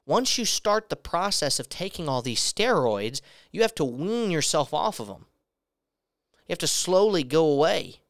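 A man's voice: fairly high pitch, very animated, moderate pace, no room sound, studio quality. A young man giving a personal testimony as a sermon, earnestly telling a story and acting out the dialogue in it. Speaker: preacher.

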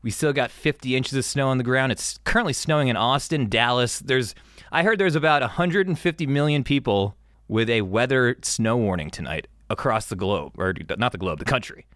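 A man's voice: mid-range voice, lively intonation, moderate pace, a bit bright, no echo, clean studio sound. A young man hosting an advice podcast in casual chat, rambling and stammering with lots of swearing. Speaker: podcast host.

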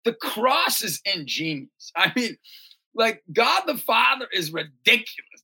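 Man, gravelly, bright edgy tone, animated storyteller, bursts into shouting. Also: measured pace. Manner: excitable, breaks into shouting and high acted voices in stories. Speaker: ministry leader and basketball coach.

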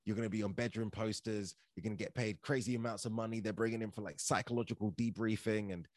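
Man, animated anecdotes, lowish pitch, dry close sound. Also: fast, dry recording. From London, England. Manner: chatty, animated, filler-heavy with "like" and "right?". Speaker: podcast guest, actor and comedian. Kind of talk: casual storytelling.

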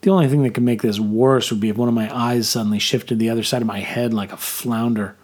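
A man reading a first-person story aloud in steady, measured narration. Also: mid-range voice.

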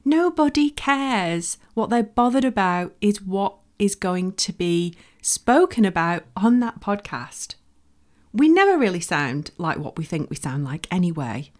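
A woman from Bolton in northwest England, with a Northern English Lancashire accent, hosts a solo advice podcast offering frank, emphatic encouragement. Her mid-range voice is sing-song, unhurried and a little mellow.

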